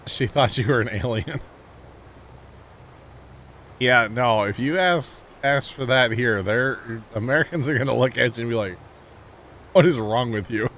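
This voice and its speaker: This is a Missouri man with a St. Louis accent, a livestream gamer who casually chats with viewers while playing, rambling and laughing readily. His medium-pitched, fairly bright voice moves at a measured pace with long pauses. Slight background noise is present.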